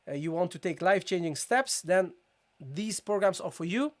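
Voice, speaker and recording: A man teaching Quran recitation in a live online lesson. He is emphatic, repeats his words for stress and keeps calling his students "guys", slowing down to demonstrate how a passage is recited. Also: sits high, expressive. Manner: breaks into slow demonstration recitation.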